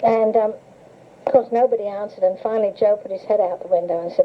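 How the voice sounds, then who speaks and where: Captured on a tinny, hiss-laden cassette, an older woman talks fairly quickly in a medium-pitched voice with fairly even intonation. She's an interviewee casually recalling memories, chatting in a storytelling way and laughing often.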